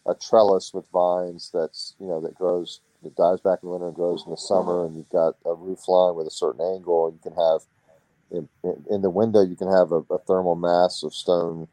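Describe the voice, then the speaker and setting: A man's voice: deep voice, flat delivery, normal speed, dark tone, no room sound. A man, hosting a casual conversation and telling rambling stories. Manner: rambling storyteller. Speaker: podcast host.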